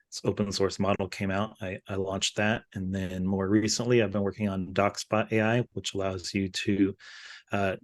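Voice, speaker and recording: Male developer, low and monotone, plain hesitant delivery, webinar panelist. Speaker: plugin developer.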